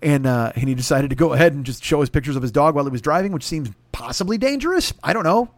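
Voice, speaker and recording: A man's voice: a little high, animated, quick pace, no room sound. A man hosting a podcast, telling a rambling, profane comic story. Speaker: podcast host. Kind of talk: comedic storytelling.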